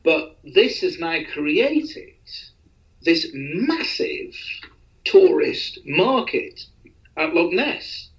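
A man's voice: a little high, very animated, very slow, fairly bright tone, highs cut off. A man hosting a podcast, talking in a rambling, self-deprecating casual way with many restarts. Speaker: podcast host.

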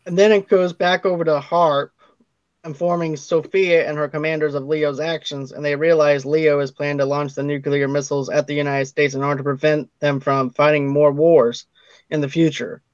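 A man's voice: fairly high pitch, little pitch movement, moderate pace, no room sound. A man co-hosting a casual movie podcast, recapping the plot step by step. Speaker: podcast co-host. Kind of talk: casual movie review chat. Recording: dry, dull lo-fi sound.

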